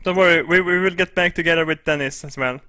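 A man doing let's play commentary on a game, excitable and crude, with loud shrieks and laughter. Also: on the high side, quick pace, no echo. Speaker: gaming video host.

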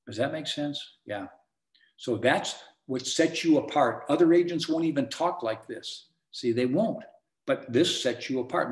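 A man's voice: medium pitch, normal speed. A man teaching a sales seminar for real estate agents, with an emphatic coaching delivery. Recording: echoey room.

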